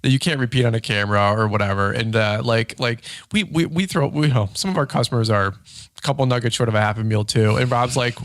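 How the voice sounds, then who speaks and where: A man hosting a podcast in casual chat, telling stories in an excitable, laughing way. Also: mid-range voice, no room sound, studio quality. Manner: fast, excitable, laughing storyteller. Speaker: podcast host, lawn care business owner.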